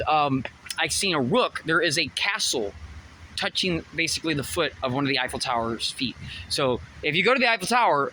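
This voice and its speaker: A man rambling excitably in a personal vlog, laughing often and swinging from muttering to shouting. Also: fairly high pitch, a little hiss or hum, poor audio. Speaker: vlogger.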